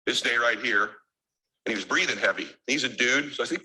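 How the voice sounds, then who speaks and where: A man's voice: mid-range voice, brisk, sharp tone, poor audio. A man giving an emotional keynote speech as a motivational speaker, emphatic and driven by insistent repetition.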